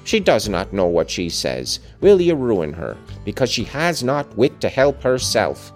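A man's voice: medium pitch, wildly swooping pitch, a little slow, soft background music, pitched above the performer's own voice. A man reading aloud and voicing an anxious woman servant who urges and scolds in a raised voice. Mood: scolding.

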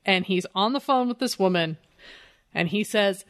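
A woman's voice: mid-range voice, lively intonation, moderate pace. A woman co-hosting a casual comedy podcast, animatedly retelling a comic story, swearing and laughing often. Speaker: podcast co-host.

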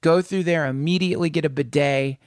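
A man co-hosting a podcast, telling stories in an animated, jokey, emphatic way. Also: a little high, a little fast, smooth, no room sound, studio quality. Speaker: podcast co-host. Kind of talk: casual chat.

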